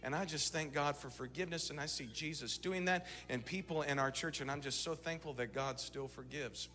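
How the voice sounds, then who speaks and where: Man, thirties, preacher, high bright voice, swings from shouting to hushed storytelling, church reverb. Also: a little fast. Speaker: pastor. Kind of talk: sermon. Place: church sanctuary.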